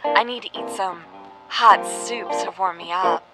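A woman reading a comedy podcast promo in a slow, breathy, teasing mock-sultry style. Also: medium pitch, poor audio. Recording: voice over loud guitar music.

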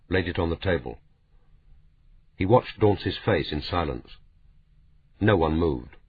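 A man narrating an audiobook in a steady, measured reading. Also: sits low, husky. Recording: tinny phone-like sound.

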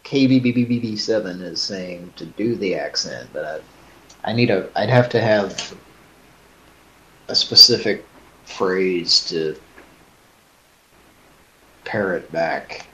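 Man, stream host, casual chat, hesitant, self-mocking, deep, slow. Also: lively intonation, bright, forceful tone, low-quality recording.

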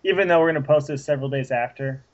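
A man's voice: mid-range voice, rapid-fire, muffled recording. A man co-hosting a podcast in casual chat over an internet call, laughing easily and good-humored. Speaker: podcast co-host.

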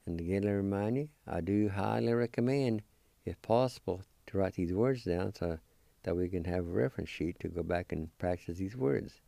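A middle-aged man giving a slow, deliberate spelling and pronunciation lesson, spelling out letters one by one. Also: low-pitched, creaky, dark tone, dry recording. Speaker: radio language teacher.

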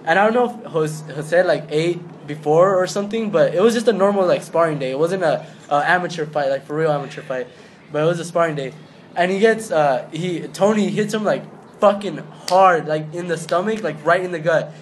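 A man's voice: a little high, brisk, slight background noise, rough recording. A young man telling a story in casual chat with friends, rambling with lots of fillers and swearing. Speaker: amateur boxer.

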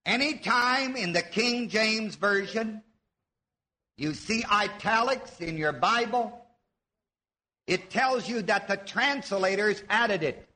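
Before a live church audience, a man teaches through his sermon, quizzing his listeners and drawing out key words for stress. He speaks slowly in a high voice with a sharp tone.

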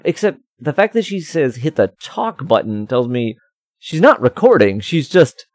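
A man's voice: on the high side, very animated, normal speed, a little mellow, dry recording. Chatty man with a dry close sound. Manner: rambling, many fillers and restarts, acts out quoted lines. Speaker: podcast co-host. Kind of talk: casual chat.

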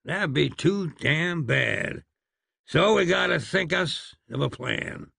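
A man's voice: a little high, expressive, slow pace, gravelly, sharp tone, husky, no room sound, pitched above the performer's own voice, exaggerated voice. A man voicing a sly, scheming middle-aged frontier cowboy who talks in a folksy drawl.

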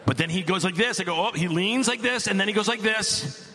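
A middle-aged man doing stand-up, his voice a touch high and animated. He builds from casual telling to near-shouting exasperation. Faint noise sits under the recording. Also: a little fast. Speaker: stand-up comedian. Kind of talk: stand-up storytelling.

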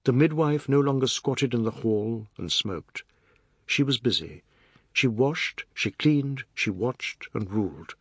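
A man narrating a novel as an audiobook in a measured, expressive reading. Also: mid-range voice, slightly rough, dry recording.

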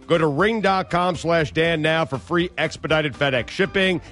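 A man's voice: a little high, moderate pace, fairly bright tone, soft background music. A man co-hosting a sports radio show, bantering playfully and reading an ad. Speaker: radio co-host.

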